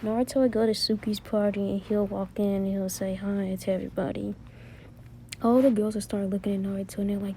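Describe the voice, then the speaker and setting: A woman telling an improvised fan story, rambling and restarting her sentences often. Her voice is dark and mellow with a flat, even pitch. A faint noise hum runs beneath the recording. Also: a little fast.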